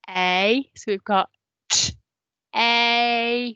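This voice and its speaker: Slow, patient woman teaching phonics. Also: on the high side, fairly even intonation, sharp tone, smooth, no echo, lo-fi sound. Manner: patient, sounds out letters slowly and prompts repetition. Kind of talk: online phonics lesson for parents.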